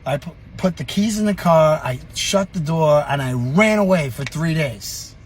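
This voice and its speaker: A middle-aged man telling a story from his youth in an animated, profane, chuckling way. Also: on the high side, a little slow, slight background noise. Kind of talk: casual storytelling vlog.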